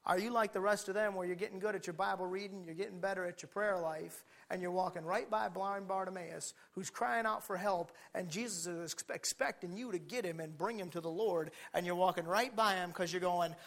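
A man preaching a sermon as pastor, fiery, swinging from quiet talk to shouting. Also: high voice, steady tone, brisk, few pauses.

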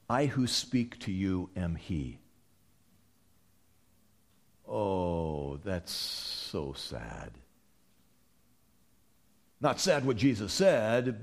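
A man preaching with huge swings of pitch, stressing his words as he goes. He speaks slowly and his voice has a husky edge. He often restarts a phrase before pushing on. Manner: animated and emphatic, with frequent restarts. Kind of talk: sermon.

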